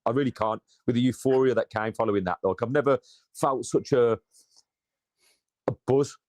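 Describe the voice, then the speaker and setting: A man's voice: medium pitch, normal speed, darkish tone, no room sound. A man co-hosting a football fan chat, teasing his friend with banter. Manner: teasing, banter-heavy, swears. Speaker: football fan channel co-host. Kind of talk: casual chat.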